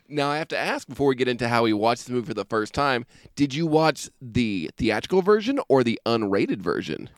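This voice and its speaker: A man's voice: medium pitch, dry recording, clean studio sound. A man co-hosting a horror film podcast, chatting casually and joking around. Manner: animated, jokey, quick to riff. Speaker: podcast co-host. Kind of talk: casual chat.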